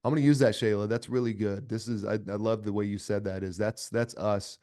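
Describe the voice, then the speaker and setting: A middle-aged man with a lowish voice talks as a podcast guest. He speaks earnestly and with emphasis, circling back and restarting his phrases as he thinks aloud. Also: fairly even intonation, fairly quick, mellow. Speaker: podcast guest, company cofounder. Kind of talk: casual conversational interview.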